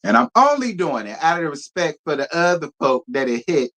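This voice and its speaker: Very animated and brisk, this reality TV recap host has a slightly high, somewhat bright voice. He reviews a reality show live with sassy, blunt, swear-filled takes, addressing viewers directly and thanking those who donate.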